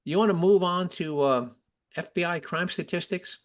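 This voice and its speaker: A man's voice: high-pitched, normal speed. A man hosting a casual political podcast, giving opinions and arguing with statistics. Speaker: podcast host.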